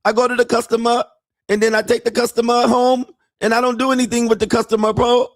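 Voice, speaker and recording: Speaking fast and flat, a man voices a pleading young Thai bar girl with a mock Thai accent, high and wheedling, in broken English that ends each line with "sir." She sweet-talks and insists she's innocent, sing-song and coaxing, with constant "sir" and "Po." It's a clean studio recording without room sound.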